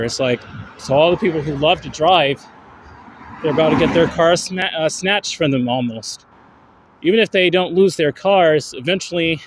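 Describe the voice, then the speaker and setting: A man hosts a walking livestream, his voice a touch high for a man, chatting and rambling about whatever he passes. He breaks off to answer viewer comments. Loud traffic noise runs under him, as on an outdoor stream. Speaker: livestream host. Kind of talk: casual walking livestream chat. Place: outdoors on a street walk in the evening.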